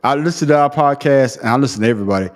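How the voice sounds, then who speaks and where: This is a man with a country Southern accent talking on a casual podcast. He is profane and animated, and he laughs at his own expense. His voice sits at a plain middle pitch. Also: rapid-fire. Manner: profane, animated, self-mocking, laughs often. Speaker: podcast co-host. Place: remote call.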